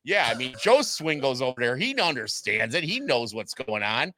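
Animated ranting man on a sports podcast. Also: mid-range voice, normal speed. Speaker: podcast co-host. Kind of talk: casual sports chat.

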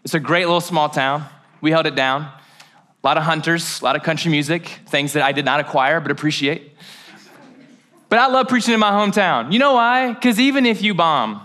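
A high-pitched man from Kentucky preaches to his church through a mic, keeping it loose and chatty. His voice is bright and forward, full of jokes and slangy asides. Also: animated, a little fast. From Mayfield, Kentucky, USA. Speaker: pastor. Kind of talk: casual, humorous sermon. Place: church service. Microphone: handheld or headset mic.

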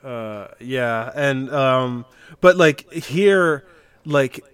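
A man's voice: medium pitch, lively intonation, extremely slow, a bit bright, clear, resonant tone, no room sound. A man co-hosting a music podcast, chatting casually and rambling through many fillers and restarts. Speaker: podcast co-host. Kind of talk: casual chat about music.

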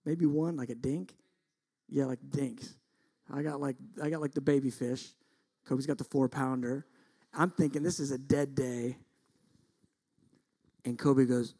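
A middle-aged male pastor preaching, telling a story with lively acted-out quotes. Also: medium pitch, normal speed, breathy edge. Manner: animated storytelling, acts out quotes loudly. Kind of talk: sermon.

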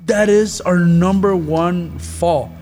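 A man's voice: sits high, slow pace, a little mellow, soft background music. A man hosting a casual Christian podcast, talking earnestly about the Holy Spirit with rambling restarts.

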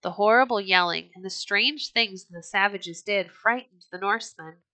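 Lady reading a kids storybook, measured and expressive, bright voice, dry close mic. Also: mid-range voice, dry recording. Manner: measured, expressive read-aloud.

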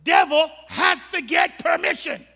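A male pastor preaching a sermon in an animated, humorous and colloquial way, in a church sanctuary. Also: very high voice, unhurried, gravelly. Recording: long reverb of a large hall.

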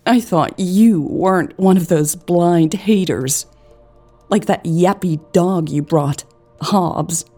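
A woman's voice: lowish voice, takes it slowly, warm tone, soft background music. A woman reading the lines of a grieving, hostile woman in an audiobook, sneering and confrontational. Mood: bitter, accusing.

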